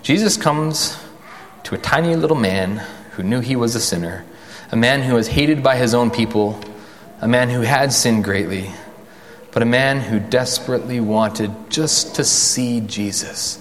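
A man preaching a sermon in a conversational way, asking the listeners questions and slowing down for emphasis. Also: mid-range voice, long reverb tail, slight background noise. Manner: conversational, rhetorical questions, dramatic slow emphasis.

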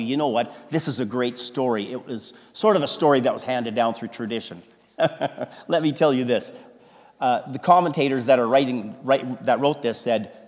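A male pastor delivers a sermon with an animated, emphatic style, often restarting his sentences and then bursting into loud exclamations. His voice sits in the middle range. The sound carries the long reverb of a large church sanctuary. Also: mid-range voice.

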